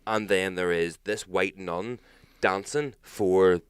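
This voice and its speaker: A Northern Irish man co-hosting a casual podcast chat, telling animated stories, swearing freely and mimicking people loudly. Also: low voice, takes it slowly, smooth, no echo. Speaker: podcast co-host.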